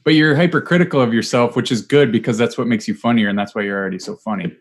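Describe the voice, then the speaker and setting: Man, podcast host, mid pitch, casual encouraging chat, loose phrasing. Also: very fast.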